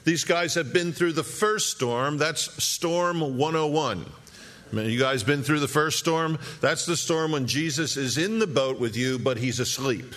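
A middle-aged male pastor teaching a Bible chapter, reading the verses slowly and then breaking in with quick, joking asides. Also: medium pitch, a bit bright.

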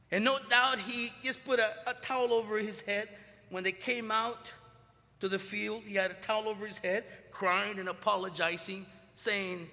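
Bright-voiced male preacher in a reverberant hall. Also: a little high. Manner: dynamic preaching, swinging from loud to hushed. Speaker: pastor. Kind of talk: sermon. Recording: long reverb of a large hall.

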